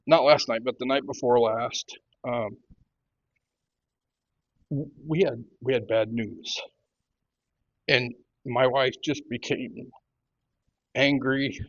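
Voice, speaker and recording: A man in his fifties giving a halting personal testimony, full of restarts, who grows animated as he retells a quarrel. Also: mid-range voice, no room sound, highs cut off. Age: 50s. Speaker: workshop participant sharing testimony.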